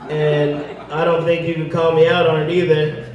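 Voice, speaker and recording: A man performing a stand-up comedy set. He delivers deadpan setups and then acts out other voices with animated energy. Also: on the high side, moderate pace, highs cut off, crowd noise. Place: comedy venue stage with audience. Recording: echoey room, mic from a distance.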